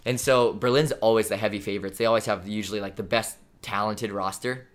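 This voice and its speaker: A man's voice: on the low side, steady tone, quick pace. Young man rambling with "dude" and "like". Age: young adult. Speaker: podcast co-host, pro volleyball player. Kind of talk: casual chat.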